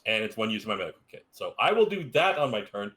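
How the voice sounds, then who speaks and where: A man playing a tabletop role-playing game, reading out his abilities quickly and joking around. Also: lowish voice, very animated, sharp tone, slight background noise. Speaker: player. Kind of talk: casual tabletop play.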